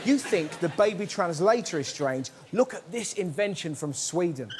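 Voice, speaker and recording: A young man hosting a topical comedy show in a studio, cheeky and loud, slipping into shouted silly voices, with an audience laughing. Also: sits high, animated, normal speed. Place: TV studio before a live audience. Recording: noisy studio with loud crowd.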